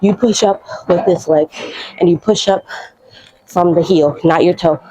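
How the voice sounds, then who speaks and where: A woman's voice: lowish voice, unhurried, noisy background. A young woman casually explaining her workout routine while exercising, chatty and out of breath. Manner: chatty, coaching, slangy. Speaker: fitness vlogger.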